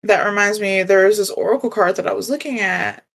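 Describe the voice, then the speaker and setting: A woman co-hosting a relaxed spiritual conversation, with a gentle, reflective way of talking. Her voice sits in a middle range, and she laughs easily between thoughts. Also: medium pitch, a little fast, vocal fry. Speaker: podcast co-host. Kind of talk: casual spiritual chat.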